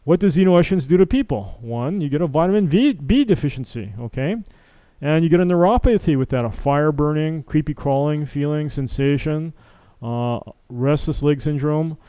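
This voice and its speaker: A man's voice: on the high side, lively intonation, moderate pace, dark tone, clear, resonant tone, no echo. A middle-aged man giving an informal medical lecture as a physician, talking conversationally, acting out patient exchanges and checking in with "okay?" and "right?". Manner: conversational, acts out patient dialogues, frequent "okay?" and "right?" tags.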